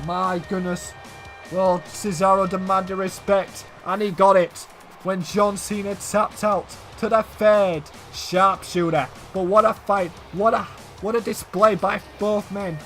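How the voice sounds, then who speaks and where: Soft background music plays as a man excitedly narrates a wrestling video game, his high voice unhurried even when he shouts. He keeps addressing the crowd as ladies and gentlemen.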